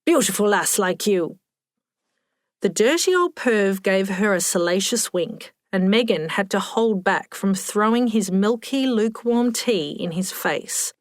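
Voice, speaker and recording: A woman narrating an audiobook with a wry, expressive reading, close to the mic. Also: mid-range voice, unhurried, few pauses, no room sound. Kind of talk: scripted narration.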